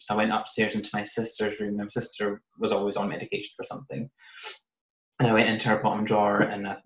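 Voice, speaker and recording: A British man quietly telling a personal story in a casual podcast chat, often voicing what he said and thought back then. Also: on the low side. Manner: soft-spoken, recounting with quoted asides. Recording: roomy, slightly muffled podcast audio.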